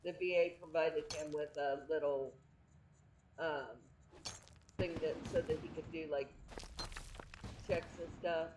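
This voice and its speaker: Middle-aged woman, casual candid chat, low voice, very slow pace, faint background noise. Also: fairly even intonation, darkish tone, rough recording. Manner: rambling and candid, with frequent restarts. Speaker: streamer.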